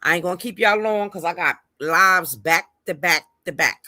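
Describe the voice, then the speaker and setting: Hosting a relaxed live-stream chat, a woman speaks at a moderate pace in a lowish voice that sounds bright and forceful. She calls out her viewers by name and repeats words for emphasis, all captured in a dry recording.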